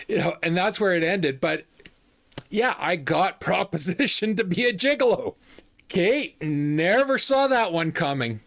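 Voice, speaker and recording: A man's voice: sits high, lively intonation, a little slow, vocal fry, a bit bright. A man in his fifties telling a story to camera in a chatty, casual way, often repeating himself and using fillers. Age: 50s. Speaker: vlog host.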